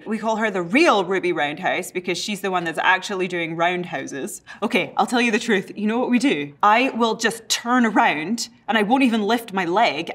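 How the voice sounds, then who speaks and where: Scottish woman, actor, casual interview, playful and chatty, mid pitch. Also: a bit bright. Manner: playful and chatty, reads questions aloud then answers. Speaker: actor answering web search questions.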